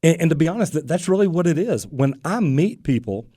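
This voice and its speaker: A man's voice: fairly high pitch, lively intonation, fairly quick, mellow, breathy edge, no echo, studio quality. A man who runs a plumbing business, chatting casually as a radio talk show host and telling stories with acted-out bits of dialogue. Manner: easygoing storyteller, acts out quoted dialogue. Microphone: studio microphone.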